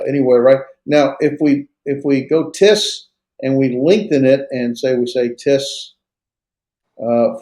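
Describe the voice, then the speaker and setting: A man guides a single student through Greek grammar in an easygoing, encouraging way. He thinks aloud, often pausing on fillers as he checks his notes. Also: medium pitch. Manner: relaxed, coaching, filler-heavy. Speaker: Greek tutor. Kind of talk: one-on-one tutoring.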